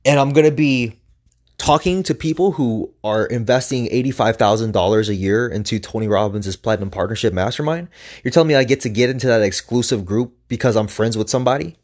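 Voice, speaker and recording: A man's voice: mid-range voice, a little fast, darkish tone. A man hosting a podcast, delivering a motivational monologue full of swearing and rhetorical questions. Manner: profane, emphatic, rhetorical questions. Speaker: podcast host.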